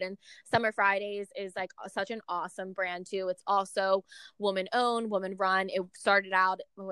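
A woman's voice: medium pitch, a bit bright, clean tone, no room sound. A young woman co-hosting a casual chat, talking freely with lots of "like" and "um". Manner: chatty, many fillers like "like" and "um". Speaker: podcast co-host.

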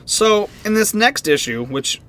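A man co-hosting a casual comic book podcast, animated and often laughing, slipping into quoted character voices. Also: high-pitched, unhurried. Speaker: podcast co-host.

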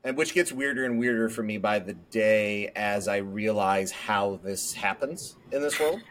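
A man's voice: fairly low pitch, unhurried, fairly bright tone. Podcast host, male, loose and jokey, laughs a lot, faint hiss. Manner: laughs often, mimics voices jokingly, swears casually. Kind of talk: casual chat.

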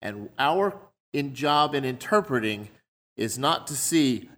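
A man's voice: mid-range voice, lively intonation, slow pace, a bit bright. A man preaching a sermon in a conversational way, explaining his points through everyday examples.

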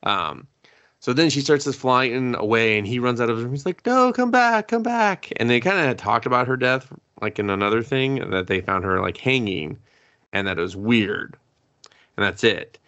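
A man's voice: mid-range voice, normal speed, no room sound, muffled recording. A man casually recapping an anime episode on a podcast, swearing freely and acting out the characters' lines. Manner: profane, animated storytelling, acts out characters' lines. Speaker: podcast co-host.

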